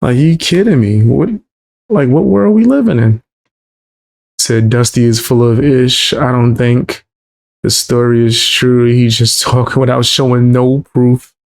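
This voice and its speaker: A man's voice: medium pitch, fairly even intonation, a little slow. A man streaming his reaction to a clip, mocking and incredulous, talking in heavy slang. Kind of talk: casual reaction commentary.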